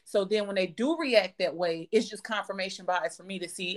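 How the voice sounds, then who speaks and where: A woman's voice: medium pitch, lively intonation, normal speed, hardly any pauses, fairly bright tone. A woman in her thirties co-hosting a casual chat, blunt and profane, giving advice. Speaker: podcast co-host.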